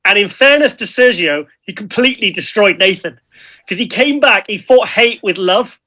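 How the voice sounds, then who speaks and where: A British man co-hosting a casual chat, rambling and lively as he tells stories. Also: high-pitched, normal speed. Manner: chatty, rambling, lively storytelling. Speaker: co-host.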